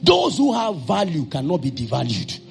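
A male pastor with a Nigerian English accent preaching a sermon, acting out little dialogues and breaking into sudden shouts. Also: on the high side, wildly swooping pitch, normal speed, creaky, faint music behind.

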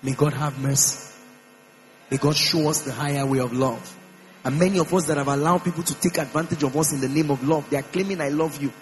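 A man delivering a sermon to his church, his voice pitched a little high. He preaches emphatically, repeating short phrases and jumping his pitch up and down. A steady mains hum and soft music sit under the recording. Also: brisk, poor audio. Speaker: pastor.

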